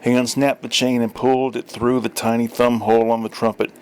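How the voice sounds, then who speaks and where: A man's voice: medium pitch, level tone, a little fast, slight background noise. Wry man reading a story. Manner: wry, dry storytelling with small self-corrections. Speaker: story reader. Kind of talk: audiobook narration.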